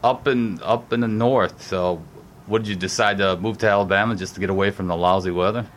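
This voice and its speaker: A man with a slightly low voice interviewing a guest in a relaxed conversation. He asks curious follow-up questions, often stumbling and filling pauses as he goes. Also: slight background noise. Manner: curious, questioning, halting with many fillers.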